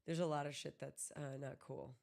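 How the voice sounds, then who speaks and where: Low-pitched American woman, thirties, chatty co-host who rambles and jokes. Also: moderate pace, vocal fry. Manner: rambling, animated, joking. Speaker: podcast co-host. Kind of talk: casual chat.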